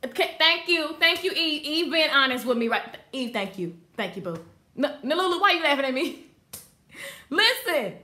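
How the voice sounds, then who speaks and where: Her voice sits high and moves at normal speed as she runs a live online class for hairstylists. The beauty business coach is animated and emphatic, speaking directly to viewers and reading their comments.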